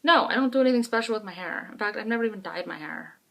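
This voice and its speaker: A woman's voice: mid-range voice, racing, creaky. A woman, co-hosting a podcast in frank, self-mocking casual chat. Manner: chatty, animated storyteller, frank and self-mocking. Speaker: podcast co-host.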